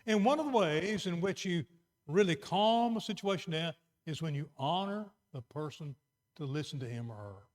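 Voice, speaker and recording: A middle-aged man preaching a sermon, moving between quiet, earnest emphasis and raised exhortation. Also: fairly high pitch, animated, normal speed.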